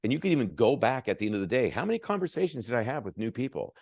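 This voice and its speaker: A man's voice: mid-range voice, racing, creaky, dry recording, clean studio sound. A man giving a motivational sales talk as a coach, acting out both sides of conversations. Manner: animated, acts out both sides of dialogues.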